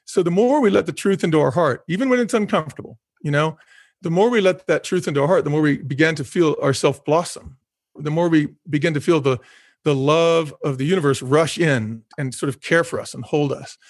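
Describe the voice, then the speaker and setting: Fairly high in pitch and fairly quick, this middle-aged man is a guest who once worked as a company executive. Recorded dry and clean in a studio, he reflects earnestly, laughing readily and repeating phrases to stress them.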